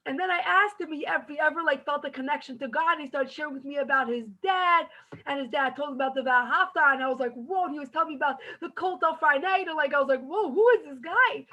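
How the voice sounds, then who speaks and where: A woman's voice: high-pitched, fast, pushed and bright, low-quality recording. A woman hosting a podcast, eagerly recounting how she met her guest. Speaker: podcast host. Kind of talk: casual storytelling.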